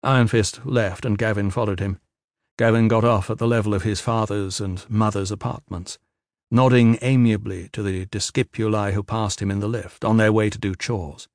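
Low-voiced male audiobook narrator. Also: steady tone, moderate pace, no room sound, clean studio sound. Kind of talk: scripted narration.

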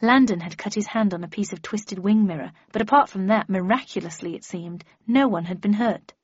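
Woman audiobook narrator, first-person, wry, mid pitch, dull dry recording. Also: a little fast, slightly rough, no echo.

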